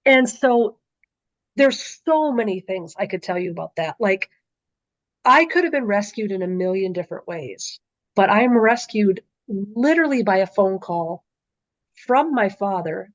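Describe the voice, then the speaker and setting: A woman's voice: mid-range voice, lively intonation, a little slow, dry recording. A middle-aged woman on a podcast as a guest, recounting a dream in vivid, conversational storytelling with frequent fillers, on slightly muffled audio. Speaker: podcast guest, author and speaker.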